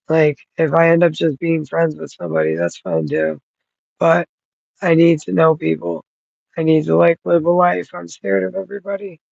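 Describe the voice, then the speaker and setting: A man's voice: a little high, creaky, darkish tone, dry recording, lo-fi sound. A man in his thirties vlogging outdoors on a cold, rainy night, rambling and swearing freely as he thinks aloud. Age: 30s. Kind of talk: rambling casual vlog talk.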